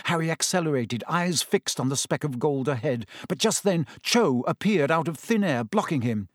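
A man narrates a storybook in a lively, expressive way, his voice a little higher than most men's. He changes his tone freely to follow the action. The recording is close and dry, with no room sound. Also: normal speed, hardly any pauses, dry recording. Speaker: audiobook reader.

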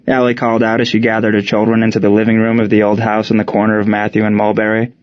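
A man reads an audiobook narration in a steady, even manner at a middle pitch. The recording has a slightly muffled, dull sound. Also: fast talker, few pauses.

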